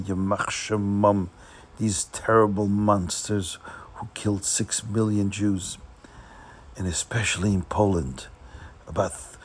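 A man telling a story to a young audience in an earnest, dramatic way, slowing down for emphasis. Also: sits low, slightly rough.

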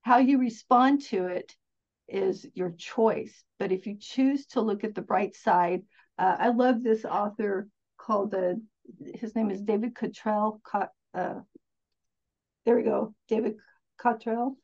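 A woman's voice: medium pitch, unhurried, a little mellow. An enthusiastic woman telling stories as a podcast guest, upbeat and rambling with restarts. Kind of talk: casual interview storytelling. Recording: dull lo-fi sound.

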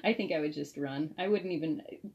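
A woman's voice: low-pitched, fairly quick, dull audio. A woman co-hosting a casual chat about a TV episode. She is chatty and asks curious follow-up questions. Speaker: podcast co-host.

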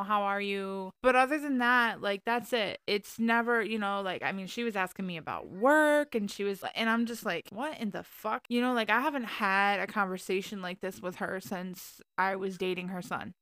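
A woman's voice: medium pitch, fairly bright tone, clear, resonant tone, no echo. A young woman, ranting candidly and profanely about her life in a casual vlog, rambling with frequent ums. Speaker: vlogger. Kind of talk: casual personal rant.

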